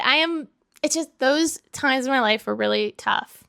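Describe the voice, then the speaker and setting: A woman's voice: high voice, moderate pace, creaky, a bit bright, no room sound, studio quality. A young woman in her twenties from Vancouver, talking candidly and casually in a vlog indoors, full of "like" fillers and self-mocking asides. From Vancouver, Canada. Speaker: vlogger. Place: indoors by a window.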